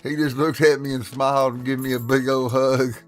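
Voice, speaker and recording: A man's voice: medium pitch, level tone, a little fast, a little hiss or hum. A man telling folksy stories on a live stream, laughing often and acting out what people said. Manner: folksy, laughs often, acts out his quotes. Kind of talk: casual storytelling on a live stream.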